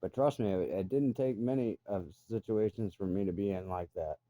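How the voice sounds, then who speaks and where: A man's voice: fairly low pitch, moderate pace, dark tone, dry recording. A middle-aged man ranting bluntly and profanely in a casual monologue. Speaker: vlogger.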